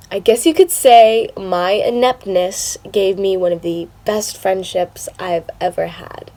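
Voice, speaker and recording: Teen girl, acting a rambling bridesmaid toast, natural mid voice. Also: mid-range voice. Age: teens. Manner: chatty, rambling storyteller. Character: cheerful young woman giving a wedding toast. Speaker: student actor. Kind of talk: stage monologue.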